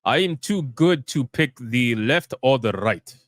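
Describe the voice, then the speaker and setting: A man voicing a smug, haughty man who looks down on everyone, in a slow, condescending drawl. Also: mid-range voice, animated, dry recording, clean studio sound, voice pushed down, natural voice.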